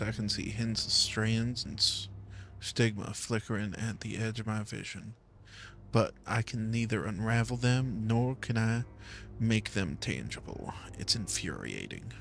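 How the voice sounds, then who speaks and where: A man's voice: fairly low pitch, gravelly, a little hiss or hum. A man streaming a game, reading its lore text aloud and joking about his own slips. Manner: reads in-game text aloud, stumbles and jokes at himself.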